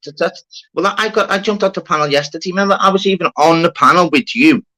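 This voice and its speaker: A man hosting a casual live-stream chat, rambling, animated and swearing a lot. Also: high-pitched, fast, no room sound, poor audio. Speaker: channel host.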